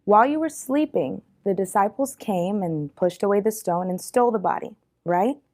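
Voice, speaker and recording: A woman's voice: medium pitch, expressive, moderate pace, darkish tone, natural voice. A woman voicing scheming religious leaders in a Bible story, talking in an insistent, conspiratorial way.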